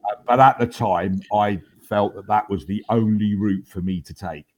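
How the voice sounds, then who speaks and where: A man's voice: lowish voice, moderate pace, darkish tone. A man in his fifties, an army veteran guest, telling his story in a casual interview with wry humour and many ums and restarts.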